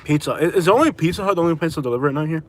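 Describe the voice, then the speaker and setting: Florida guy rambling on a livestream in his car, kinda high voice, little road hum. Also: animated, rapid-fire. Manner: rambling, chatty, frequent fillers. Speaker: live streamer. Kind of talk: casual chat while driving.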